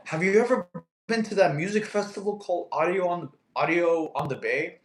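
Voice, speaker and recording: Young man, stream host, laid-back joker, voice sits a bit high, room echo. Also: animated, fairly quick. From Russia. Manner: jokey, reads chat questions aloud and answers them. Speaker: livestream host answering chat. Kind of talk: casual livestream Q&A. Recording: echoey room.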